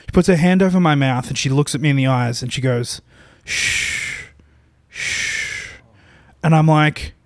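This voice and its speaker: A man's voice: on the high side, no echo, clean studio sound. A man co-hosting a podcast, telling a long, rambling, self-deprecating story in a casual, profane way, full of restarts. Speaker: podcast co-host.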